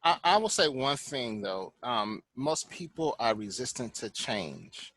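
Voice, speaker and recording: A man's voice: medium pitch, big pitch swings, measured pace, fairly bright tone, no echo, poor audio. A man talking in a casual group podcast chat, venting with frustration and rising emphasis. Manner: exasperated ranting.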